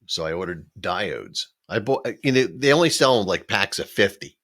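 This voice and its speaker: Casual podcast co-host, middle-aged man, very low voice, rambling storyteller. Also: animated, normal speed, a bit bright. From Philadelphia. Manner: rambling, laughing storyteller with frequent restarts.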